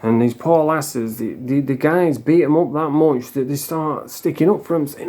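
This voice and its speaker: A man's voice: a little high, normal speed, hardly any pauses, a little mellow. A middle-aged man tells blunt, rambling stories casually to camera, swearing a lot and restarting his sentences. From England. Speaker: recovering addict sharing stories.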